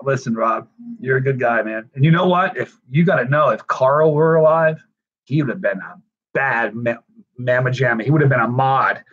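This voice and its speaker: A man's voice: medium pitch, moderate pace, fairly bright tone, slightly rough. A tired man hosting a livestream, rambling and effusive as he thanks his viewers one by one. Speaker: livestream host. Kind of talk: casual livestream chat. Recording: dull lo-fi stream audio.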